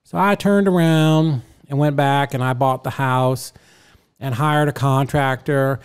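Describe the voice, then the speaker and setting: A man imitating a slow-talking old rural Florida man who mumbles as if he has marbles in his mouth. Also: medium pitch, fairly even intonation, smooth, lightly acted. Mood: storytelling.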